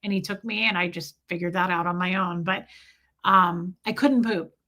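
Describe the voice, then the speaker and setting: A woman chats candidly to her live viewers in a loose, rambling storytelling style. Her voice is bright and forward. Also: on the low side, fairly even intonation, moderate pace. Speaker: livestream host. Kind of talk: casual storytelling to live chat.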